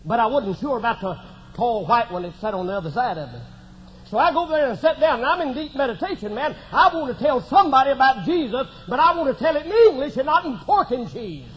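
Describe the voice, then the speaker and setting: A man preaching a testimony sermon in a folksy manner, breaking into shouted exclamations. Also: extremely high pitch, animated, fast. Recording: dull lo-fi recording with faint noise.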